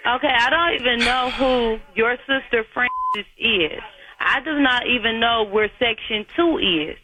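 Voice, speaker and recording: A woman's voice: on the high side, measured pace, noisy background. A woman working in a cemetery office, firm and dismissive on a phone call. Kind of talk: phone conversation.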